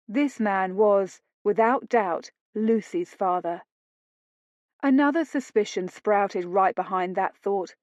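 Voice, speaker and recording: A woman narrating a romance audiobook in a measured, even storytelling manner. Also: medium pitch, no room sound. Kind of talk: scripted narration of a romance novel. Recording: dull dry lo-fi studio read.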